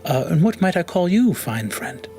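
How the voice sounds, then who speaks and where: A man's voice: high-pitched, big pitch swings, normal speed, music in the background, voice pushed up. A man voicing a courtly, pompous male greyhound knight who speaks in a formal, flowery way. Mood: courteous.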